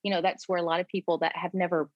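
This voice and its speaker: Woman in her forties from Florida, low-pitched, candid interview guest; dry, lo-fi recording. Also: racing. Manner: candid, conversational, quotes herself in lively voices. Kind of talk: casual interview storytelling. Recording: dull lo-fi sound, dry.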